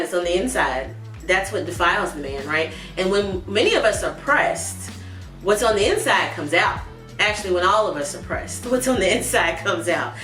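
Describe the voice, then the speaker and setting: Speaking at a medium pitch, a woman teaches a Sunday school lesson as a Bible study teacher, addressing viewers directly with earnest warmth and laughing at her asides. She sounds roomy and far from the mic, with soft, faint background music.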